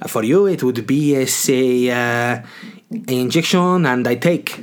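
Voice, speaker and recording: A man's voice: medium pitch, a little fast, darkish tone, natural voice. A man voicing a blunt male dentist who speaks in clipped, broken English. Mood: matter-of-fact.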